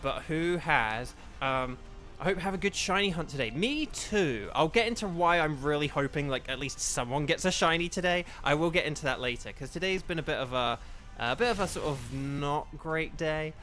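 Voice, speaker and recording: A chatty English man talks to his stream chat as he plays, his voice bright and forceful. He rambles, restarts and gets sidetracked, sitting a little high for a man, with faint game music underneath. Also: animated, normal speed. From England. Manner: chatty, distractible, full of fillers and restarts. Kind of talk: casual livestream chat while gaming.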